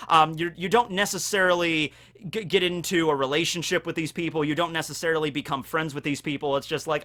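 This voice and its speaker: A man's voice: a little high, expressive, fairly quick, pushed and bright. A man from Western Pennsylvania telling a story on his vlog in a casual, rambling way, full of swearing and fillers. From Western Pennsylvania, USA. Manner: rambling, profane, fills with likes and ums. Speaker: vlogger.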